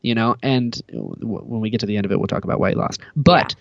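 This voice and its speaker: A man's voice: mid-range voice, fast talker, no echo, dull audio. A man co-hosting a podcast in casual chat, talking enthusiastically and emphatically, with big leaps on key words. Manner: enthusiastic, emphatic fan talk with big swings. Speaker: podcast co-host.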